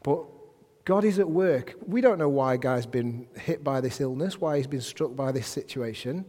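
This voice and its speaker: A man preaching a sermon and reading scripture aloud, animated, swinging between soft asides and loud emphatic bursts. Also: medium pitch, moderate pace. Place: church hall. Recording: long hall reverb.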